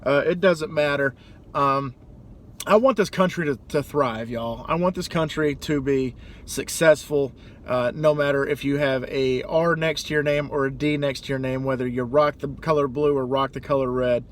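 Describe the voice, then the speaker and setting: A young man talking casually in a rambling vlog monologue, now and then doing loud high-pitched impressions. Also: steady tone, normal speed, slight background noise. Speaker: vlogger.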